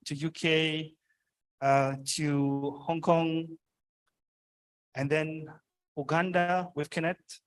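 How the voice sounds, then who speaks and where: A man moderating a conference panel on stage, pausing often with ums and uhs. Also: a little high, poor audio. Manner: halting, frequent ums and uhs.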